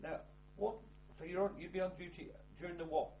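A man's voice: high voice, fairly even intonation, a little fast, creaky, dark tone. A man interviewing a veteran, asking probing, leading questions with hesitant restarts. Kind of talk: oral history interview. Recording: dull lo-fi recording with faint hum.

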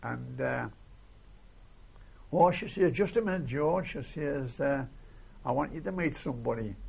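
A man's voice: medium pitch, animated, unhurried, gravelly, a little mellow, breathy edge, muffled recording. An older man telling his memories in an oral history interview, in a rambling way, often tagging on "see?" and "eh?". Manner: rambling, keeps adding "see?" and "eh?". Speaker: interviewee recalling war memories.

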